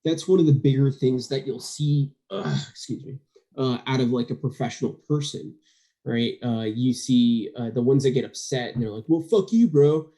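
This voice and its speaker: Animated man acting out quoted dialogue. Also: medium pitch, normal speed. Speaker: guest, firearms trainer. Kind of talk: casual podcast chat.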